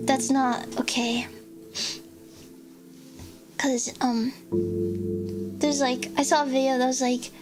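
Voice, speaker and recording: A young woman streamer with a high, bright voice rambles through a live-stream chat. She is giddy and scattered, often spiking into squeaky highs. Loud background music plays beneath her the whole time. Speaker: VTuber streamer.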